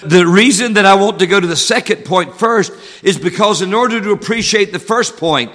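A man preaching a sermon as pastor, measured, slowing down to stress key words. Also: high-pitched, a bit bright. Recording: long hall reverb.

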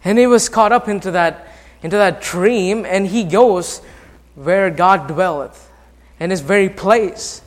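A male pastor with a high voice preaches a sermon to his congregation. He moves from hushed, quiet passages to loud, fervent ones and keeps asking the listeners questions. His voice rings with the long reverb of a church hall. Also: a little slow.

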